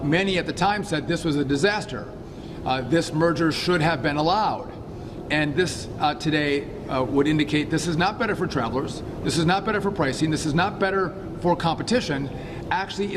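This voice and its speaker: A man giving news commentary in a played clip, halting with many fillers. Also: on the high side. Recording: noisy clip.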